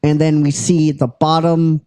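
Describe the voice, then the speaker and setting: A podcast host telling a story in a casual, halting way, with many fillers and restarts. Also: medium pitch, little pitch movement, dark tone. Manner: chatty and self-deprecating, swears casually. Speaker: podcast host pitching episode ideas.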